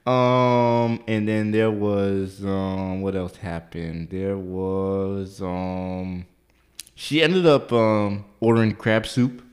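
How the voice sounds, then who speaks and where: Guy with a lowish voice cracking up telling a crazy restaurant story, cusses a lot, squeaks when quoting folks. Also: drawn-out words. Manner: animated, profane, jumps into high-pitched quoted voices. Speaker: podcast co-host. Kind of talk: casual storytelling chat.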